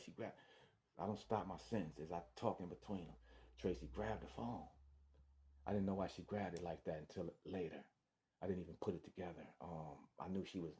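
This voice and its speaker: Deep-voiced man, casual storyteller, repeats himself and acts out the other voices. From Detroit. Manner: animated, acts out voices, restarts and repeats words. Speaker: storyteller sharing his testimony.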